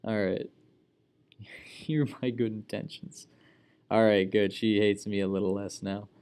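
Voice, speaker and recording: Slow-talking man narrating his gameplay. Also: on the low side, fairly even intonation, darkish tone, smooth. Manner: exclaims often, chatty running reactions. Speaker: gaming channel host. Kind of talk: casual let's-play commentary.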